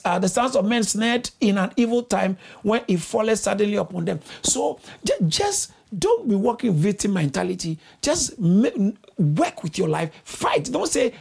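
A man delivers a sermon in a rough, gravelly voice with a husky edge. He exhorts his listeners, repeats key phrases and leaps sharply upward in pitch whenever he wants to stress a point. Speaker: preacher.

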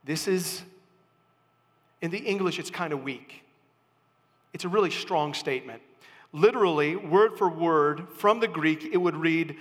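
A man preaching a sermon as a pastor, emphatic, with sudden rises and soft drops. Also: fairly high pitch, measured pace, pauses often, big-room sound.

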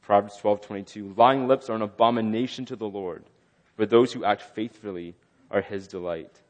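A man's voice: on the low side, fairly even intonation, moderate pace, a little mellow, long reverb tail. A young man preaching a sermon, talking through a story with restarts and self-corrections.

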